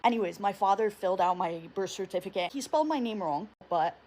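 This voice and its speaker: A woman's voice: mid-range voice, fast. A young woman telling a funny, profane family story in a casual storytime. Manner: animated, profane, comic storytelling.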